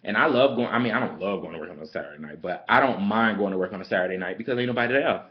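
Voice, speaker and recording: A man's voice: lowish voice, very fast, muffled recording, background noise. A man telling a story in a sassy, dramatic way, calling the listener girl and honey. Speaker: vlogger. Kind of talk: casual storytime rant.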